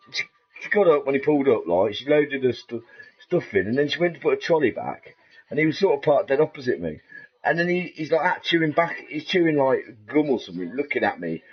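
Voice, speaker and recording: Lively in intonation and quick, the mid-range, slightly rough voice of a middle-aged English vlogger wanders through a profane, offhand monologue. He laughs at his own jokes, and the recording sounds dull and lo-fi.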